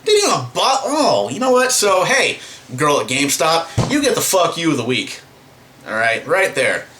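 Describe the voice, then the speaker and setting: A man's voice: on the high side, sing-song, normal speed, background noise. A man ranting to camera in a vlog, exasperated and profane, full of fillers and restarts. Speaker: vlogger.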